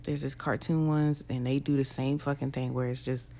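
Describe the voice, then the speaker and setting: A woman's voice: extremely low pitch, little pitch movement, moderate pace, dark tone, a little hiss or hum. A young woman, ranting bluntly and profanely to camera in a casual vlog. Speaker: vlogger.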